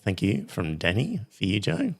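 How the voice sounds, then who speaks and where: Aussie bloke hosting a chatty podcast, deep voice with a lot of fry, lots of ums. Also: male voice, huge pitch swings, normal speed. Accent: Australian. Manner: rambling, reads listener messages aloud with many ums. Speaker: podcast host. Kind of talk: casual podcast chat.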